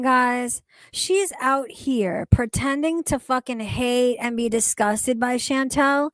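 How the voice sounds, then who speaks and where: A woman streaming her reaction to another stream, slow and deliberate, with a slightly high voice. She swears freely and sounds openly incredulous. The sound is dry and close. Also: no echo. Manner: exasperated, heavy swearing, incredulous. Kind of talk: profane reaction commentary.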